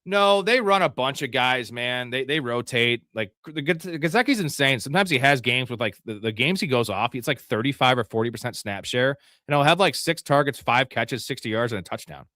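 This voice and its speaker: A man hosting a live fantasy football stream, reacting to a draft pick by pick with frequent swearing and sudden yelled outbursts. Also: mid-range voice, lively intonation, a little fast, few pauses, no echo, studio quality. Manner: profane, frustrated, outbursts of yelling.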